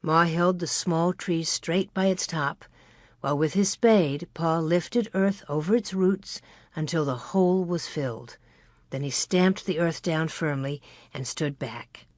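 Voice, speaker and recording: A woman reading an audiobook in a measured, expressive way. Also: sits low, dry recording, studio quality. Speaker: audiobook narrator. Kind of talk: scripted narration.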